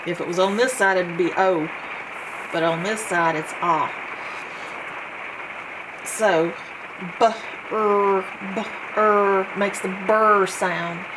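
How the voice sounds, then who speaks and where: A woman teaching a phonics lesson, sounding out letters one by one in a slow, patient way. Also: lowish voice, steady tone, noisy background. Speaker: homeschool teacher.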